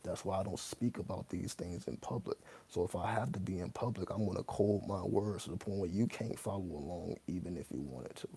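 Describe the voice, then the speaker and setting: Deep gravelly man, profane and emphatic. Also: brisk, few pauses, warm tone. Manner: profane, emphatic, spells out words letter by letter. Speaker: host answering viewer questions. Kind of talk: casual monologue to camera.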